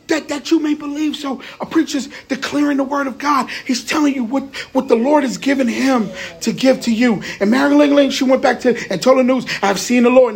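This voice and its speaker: A man preaching a lively, conversational Easter sermon, often repeating words as he builds his points. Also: very high-pitched, creaky.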